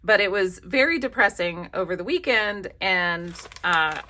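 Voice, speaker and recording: A woman's voice: fairly low pitch, expressive, a little slow, bright, forceful tone, a little hiss or hum. A woman from the South, hosting a casual crafting vlog in a chatty, gushing, self-deprecating way. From American South. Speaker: craft channel host.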